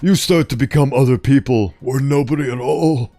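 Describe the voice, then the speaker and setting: A man reading aloud voices a weary, frightened male researcher, speaking in a halting, distressed way. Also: mid-range voice, dark tone, dry recording, soft background music, natural voice. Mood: intense.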